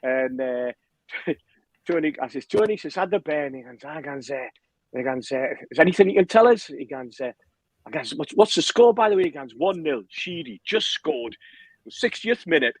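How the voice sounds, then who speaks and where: A man telling a lively anecdote on a podcast, acting out the other people's lines. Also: on the high side, moderate pace, dry recording, low-quality recording. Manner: animated storyteller, acts out quotes, laughs often. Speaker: podcast guest telling a story. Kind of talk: casual anecdote.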